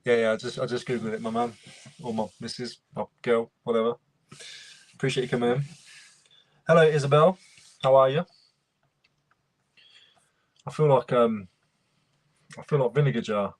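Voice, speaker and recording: A man's voice: mid-range voice, steady tone, moderate pace, long pauses, dry recording. A young man, casually chatting and greeting viewers by name while he works on a livestream. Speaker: reseller livestream host.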